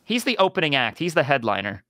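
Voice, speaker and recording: An excitable man chatting as a player in a tabletop role-playing game, laughing in the middle of sentences. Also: medium pitch, fast, no room sound, clean studio sound. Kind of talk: casual tabletop game chat.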